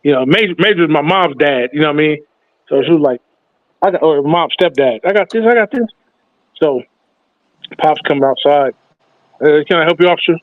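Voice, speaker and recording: A man with a high voice tells a story in a lively way and plays the other people's voices. The sound is tinny and dry, like a phone line. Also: normal speed, long pauses, dry recording. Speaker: podcast host. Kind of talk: casual storytelling.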